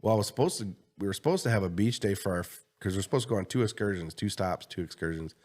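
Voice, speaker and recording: Deep-voiced laid-back podcast guy. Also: animated, quick pace, darkish tone. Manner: laid-back, swears casually. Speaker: podcast co-host. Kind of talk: casual chat.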